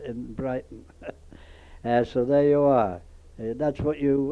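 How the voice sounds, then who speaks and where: Older man rambling on a dull home tape. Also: medium pitch. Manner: chatty, meandering, with frequent ums and restarts. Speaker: grandfather recording an audio letter. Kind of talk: rambling spoken letter on tape.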